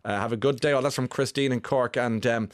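This is a fast-talking man hosting a radio chat show, playful and teasing as he reads out listener messages. His voice is close and dry in the studio microphone. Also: mid-range voice, no echo. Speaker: radio host.

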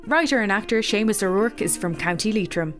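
A woman reporter narrating a radio report with smooth, even delivery. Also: mid-range voice, a little fast, soft background music.

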